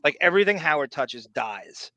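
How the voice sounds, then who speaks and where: A man's voice: fairly high pitch, sing-song, normal speed, sharp tone, no room sound, poor audio. A man co-hosting a podcast in casual chat, rambling and reading out listener comments. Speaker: podcast co-host.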